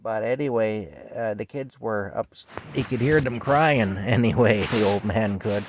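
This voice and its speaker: Folksy rambling male storyteller, low voice. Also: measured pace, noisy background. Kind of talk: casual family storytelling. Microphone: camera mic.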